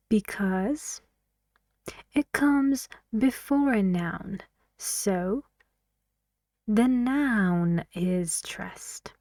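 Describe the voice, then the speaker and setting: A woman teaching an English pronunciation lesson, speaking slowly and deliberately, repeating each word several times and sometimes dropping to a soft whisper. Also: medium pitch, lively intonation, no echo.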